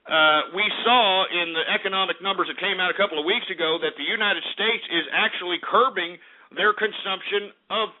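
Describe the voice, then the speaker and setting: A man's voice: sits high, a little fast. A man hosting a radio show, reading market figures and abrasively ranting at his listeners. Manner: abrasive, combative, insults listeners. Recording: phone-like narrow radio audio.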